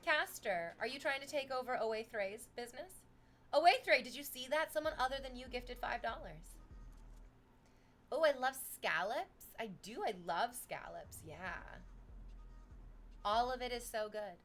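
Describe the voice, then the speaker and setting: A young woman streamer from Canada, chatting casually with her live chat, telling animated stories and swearing freely. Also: on the high side, unhurried, faint music behind.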